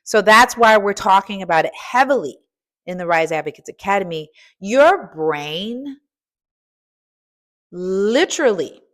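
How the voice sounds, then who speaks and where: A middle-aged American woman coaching and hosting, talking in an energetic, preachy and casual way, dropping in "y'all" and swinging from soft asides to loud exclaiming. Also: medium pitch. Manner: casual colloquial speech with "y'all" and "ain't". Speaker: coach and podcast host. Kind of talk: energetic motivational talk.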